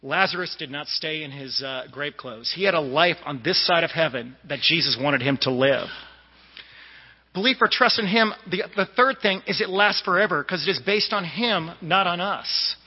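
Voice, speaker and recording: High-voiced man preaching in a church. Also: lively intonation, moderate pace. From Boston area. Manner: conversational preaching with fillers and asides. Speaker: lay preacher. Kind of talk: sermon. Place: church sanctuary. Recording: dull echoey church recording.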